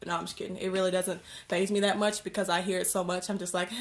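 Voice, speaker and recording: A young woman rants to the camera in a loose, casual way. She rambles, restarts her thoughts and slips in sarcastic asides, and her voice sits at an ordinary middle pitch. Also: normal speed. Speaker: vlogger. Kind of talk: casual ranting vlog.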